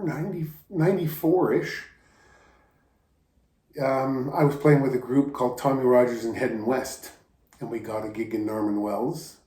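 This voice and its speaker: Slow, mellow-voiced man, echoey room. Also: mid-range voice. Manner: slow, tender, gets emotional. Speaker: guest steel guitarist. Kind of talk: heartfelt spoken tribute.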